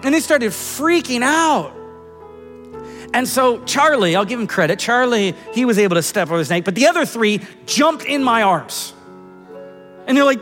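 A high-voiced man preaching in a church sanctuary, his words trailing into a long hall reverb. He speaks earnestly and conversationally, often repeating a word as he goes. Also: very animated, normal speed, a bit bright, soft background music. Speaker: pastor. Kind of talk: sermon with personal story.

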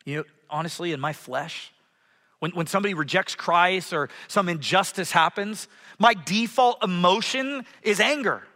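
A man preaching a sermon as a pastor in a church, animated, swinging from loud passages to hushed ones. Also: sits high, moderate pace. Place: church sanctuary. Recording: hall reverb.

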